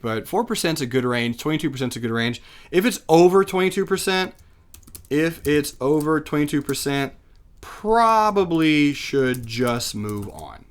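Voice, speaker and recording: A man's voice: medium pitch, fairly bright tone. Chatty man teaching off a chart. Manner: casual, chatty, thinking aloud with fillers and self-corrections. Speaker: day trading teacher. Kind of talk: screen-share chart lesson.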